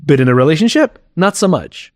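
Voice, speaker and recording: A man's voice: a little high, very animated, fairly quick, no echo, clean studio sound. A man talking candidly as an interview guest, reflective and thinking aloud as he goes.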